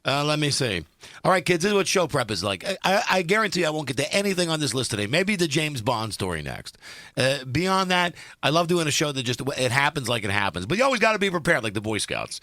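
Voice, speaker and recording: A man's voice: fairly high pitch, very animated, fast talker, sharp tone, no echo. A man hosting a radio talk show, rambling and sardonic as he jumps from topic to topic in a studio. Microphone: studio microphone, dry.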